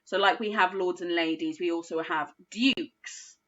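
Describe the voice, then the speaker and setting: A woman teaching a phonics lesson to young children, sounding out words slowly and praising often. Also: fairly low pitch, fairly bright tone, dull audio. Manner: slow, sing-song sounding out of words, encouraging. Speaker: primary school phonics teacher.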